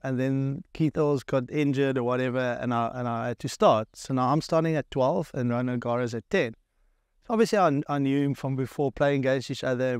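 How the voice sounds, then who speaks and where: A man's voice: medium pitch, clean tone, no room sound, studio quality. A man with a South African accent, a former rugby player co-hosting a casual talk show, teasing guests and laughing often while telling stories. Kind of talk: casual banter.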